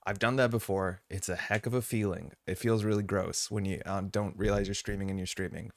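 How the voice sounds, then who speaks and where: A man's voice: fairly low pitch, no echo, studio quality. A man from Canada hosting a live stream, chatting casually and answering viewers in chat. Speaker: streamer host.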